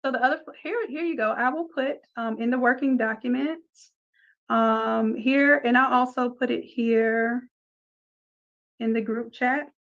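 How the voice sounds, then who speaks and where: Woman, design instructor, live class; casual and chatty, narrates each click; a bit high-pitched; muffled stream audio. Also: unhurried. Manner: casual, chatty, talks through each step. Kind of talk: live screen-share tutorial.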